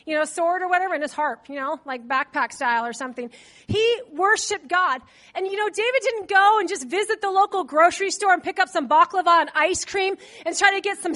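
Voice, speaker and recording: A woman preacher with a very high, ringing voice delivers a sermon. She talks to her listeners in a casual way. She keeps asking them questions and fills her sentences with little asides. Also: pushed and bright. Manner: conversational, asks the congregation questions; loose with fillers.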